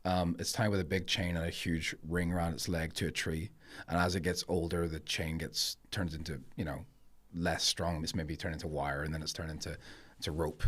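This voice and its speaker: Low-voiced man, reflective podcast guest. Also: little pitch movement, moderate pace, a bit bright. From grew up moving between Germany and England. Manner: reflective, storytelling. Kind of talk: casual conversation.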